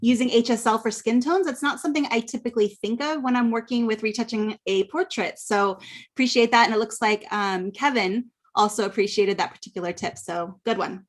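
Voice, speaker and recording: A woman's voice: fairly high pitch, fairly quick. A woman co-hosting a live online photography session, cheering on the presenter. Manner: upbeat, encouraging. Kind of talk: live webinar chat.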